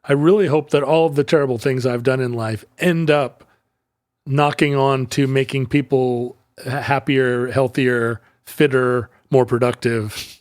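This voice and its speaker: A man co-hosting a podcast in casual chat, playful and quick to laugh. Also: mid-range voice, steady tone, no echo, studio quality. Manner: playful, laughs often, jokey. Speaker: podcast co-host.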